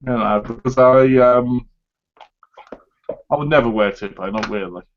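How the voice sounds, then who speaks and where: Guy, co-host, jokey and rambling, mid pitch, slightly muffled lo-fi audio. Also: normal speed, a little hiss or hum. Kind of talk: casual chat. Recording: slightly dull lo-fi sound.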